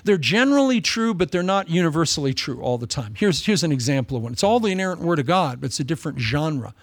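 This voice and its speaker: A man's voice: a little high, fast talker, dry recording, studio quality. A man preaching a sermon in a humorous, conversational way, often repeating himself for emphasis. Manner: animated, humorous, conversational, with repetitions. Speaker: pastor.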